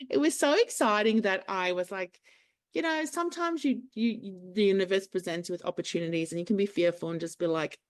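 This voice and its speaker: A woman, a clinic owner talking as a podcast guest, animated, acting out the voices in her stories. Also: medium pitch, fairly quick. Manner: animated storyteller, acts out quotes. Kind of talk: casual interview chat.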